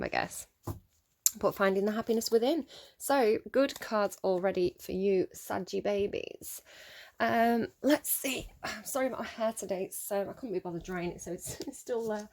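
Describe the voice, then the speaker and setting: A woman's voice: mid-range voice, slight background noise. A woman giving a casual tarot reading to camera at home, rambling and chatty with lots of fillers and small laughs. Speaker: tarot reader.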